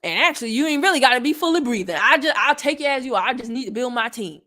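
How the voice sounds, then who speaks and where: A woman's voice: high voice, lively intonation, fast talker, sharp tone. A woman network marketing coach talking straight to camera, blunt, sassy and colloquial, and easily worked up. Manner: gets worked up. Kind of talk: casual direct-to-camera talk.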